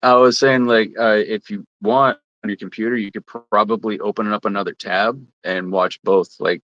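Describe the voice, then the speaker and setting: A man's voice: on the low side, fairly even intonation, normal speed, a bit bright, dry recording, muffled recording. A man chatting casually in a group call, hesitant with fillers and self-corrections.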